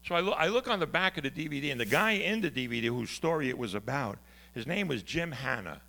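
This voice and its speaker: Gravelly, animated preacher man. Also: mid-range voice, quick pace. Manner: animated, conversational, swings from loud to hushed. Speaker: pastor. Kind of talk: storytelling sermon.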